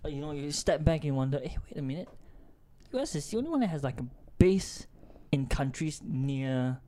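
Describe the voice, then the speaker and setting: A man's voice: a little high, animated, normal speed, warm tone. A man co-hosting a podcast, rambling with frequent restarts. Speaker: podcast co-host. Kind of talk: casual chat.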